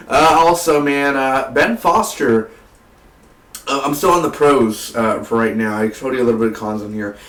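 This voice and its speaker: A man's voice: mid-range voice, fairly quick, a bit bright. Rambling man, roomy and distant. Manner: rambling, fillers, keeps saying "man". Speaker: movie reviewer. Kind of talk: casual vlog movie review.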